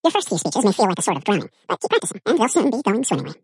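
A woman reading a scripted book summary in an even, measured narration. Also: mid-range voice, slightly rough, dry recording.

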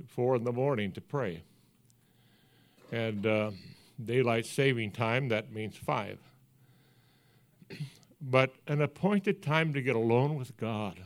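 An older man, a pastor, giving a sermon, telling stories in an earnest, folksy way that drops to hushed, quiet passages. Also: medium pitch. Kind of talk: sermon storytelling.

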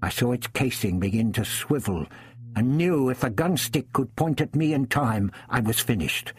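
A man reading a first-person adventure story aloud in a measured, dramatic storytelling manner. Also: medium pitch, expressive, husky, dry recording. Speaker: audiobook narrator. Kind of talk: scripted first-person narration.

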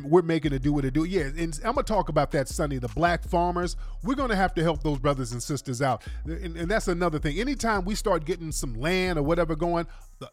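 A man hosting a casual livestream, talking in animated, slangy street talk to his viewers. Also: a little high. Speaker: livestream host.

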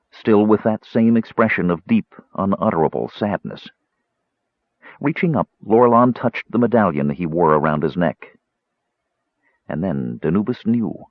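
Man reading a fantasy book, lively low voice, dull dry lo-fi sound. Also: no room sound. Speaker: audiobook narrator. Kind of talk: scripted fantasy narration.

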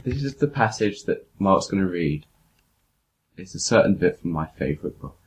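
A man hosting a casual commentary podcast, introducing a guest reader in a relaxed, chatty way. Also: deep voice, normal speed, slight background noise. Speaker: podcast host.

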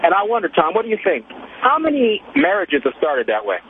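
Over a thin, faintly hissing phone connection, a caller in his twenties boasts to a radio talk show in relaxed slang. His high-pitched voice swoops wildly up and down at a brisk clip.

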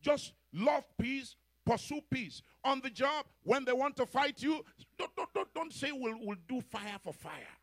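A man's voice: extremely high pitch, measured pace, hardly any pauses, no room sound. A male preacher giving a sermon, telling stories and acting out the characters with frequent laughter. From Africa. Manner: animated storytelling, acts out characters, laughs often.

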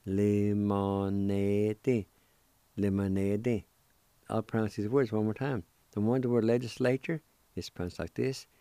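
A male radio host giving a vocabulary lesson, spelling and repeating each word deliberately. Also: on the low side, mellow, no room sound. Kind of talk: slow spoken language lesson.

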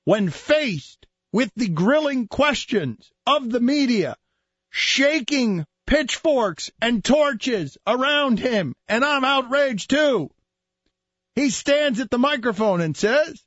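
A man's voice: very high-pitched, expressive, slow, a bit bright, no echo. A man hosting sports talk radio, emphatic and mocking, on a dull lo-fi studio recording. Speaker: radio show host.

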